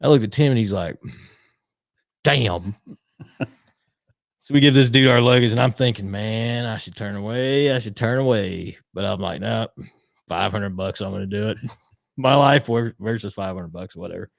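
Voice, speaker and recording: Man, lowish voice, rambling animated storyteller, dry close mic. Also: moderate pace, gravelly, pauses often, no room sound. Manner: animated, acts out quotes, swears casually. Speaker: retired pit crew member, guest. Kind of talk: casual storytelling.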